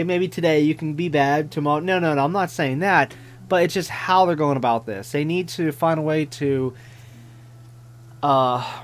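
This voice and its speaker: A man's voice: a little high, fairly bright tone. A man commenting on a game playthrough, ranting with exasperation and mocking the characters. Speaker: gaming channel host. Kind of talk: let's play commentary.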